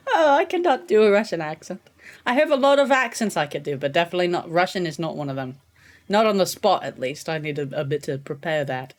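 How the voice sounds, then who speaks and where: A woman's voice: on the low side, big pitch swings, fast, a little hiss or hum. A woman streamer chatting casually over a game, with laughing asides to her chat. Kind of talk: casual gameplay commentary.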